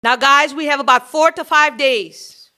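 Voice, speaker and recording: A woman hosting a commentary podcast, talking straight to her audience in an emphatic, animated way. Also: high-pitched, a little slow. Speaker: podcast host. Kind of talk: gossip commentary monologue.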